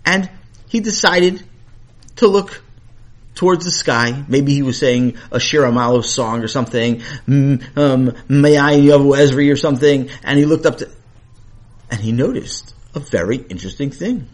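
A man telling a children's story with animated, playful narration and asides to the listener. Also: mid-range voice, normal speed.

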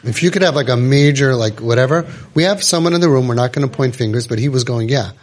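A man leading a parent support group, speaking to a live audience in a room in a lively way with lots of fillers and acted-out quotes. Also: medium pitch, fast. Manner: animated, acts out quoted voices, many fillers.

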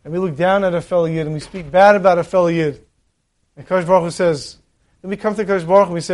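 A man preaching a sermon, telling a parable in an animated storytelling manner. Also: high voice, fast.

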